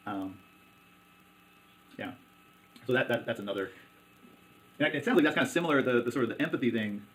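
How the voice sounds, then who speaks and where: A man, a local commissioner, talking in a conversational interview, halting often with fillers and restarts. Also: mid-range voice, lively intonation, fairly bright tone, slight background noise, rough recording. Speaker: hospital district commissioner.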